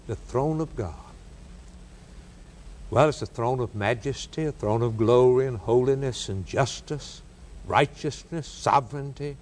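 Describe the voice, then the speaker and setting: A male preacher with a mid-range voice delivers a sermon. He tells his stories dramatically, building lists in cadence. His voice rises and falls in pitch, and his pace shifts freely.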